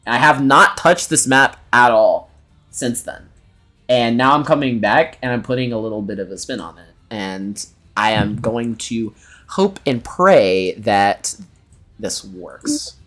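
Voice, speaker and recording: A man's voice: mid-range voice, expressive, slow pace, sharp tone, faint music behind. A man acting as game master in casual chat before a session, laughing often and swearing freely.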